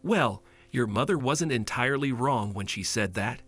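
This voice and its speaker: A man voicing a poor elderly woman who is gentle and remorseful, in close to his own voice. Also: medium pitch, animated, moderate pace, breathy edge, soft background music.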